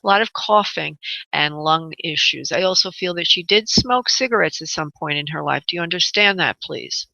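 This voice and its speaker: A woman psychic medium takes calls on a radio show, speaking gently, calling people honey and love, with frequent uh fillers. Her voice is lowish yet bright and clear-edged, at a moderate pace. The audio is dry and a little dull, like lo-fi web radio.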